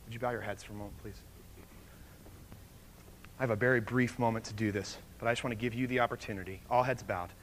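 A male preacher at a campus chapel service moves between vivid storytelling and low, earnest prayer. His voice sits at an ordinary middle pitch. A faint hum of room ambience runs underneath. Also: fast talker, pauses often. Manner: animated storytelling that drops to soft, hushed prayer. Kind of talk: sermon with story and altar call.

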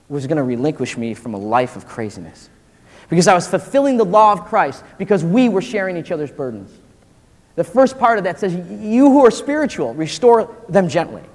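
Male pastor, 40s, slangy casual preacher, a touch high, long hall reverb. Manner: slangy and animated, says "dude" and "man" often. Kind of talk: casual sermon to college students.

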